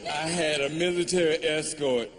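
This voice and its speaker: A man doing stand-up comedy, telling a story in a wry, drawling way with pauses. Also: a little high, fairly even intonation, very noisy. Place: live comedy venue, large hall. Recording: live hall reverb, faint ambience.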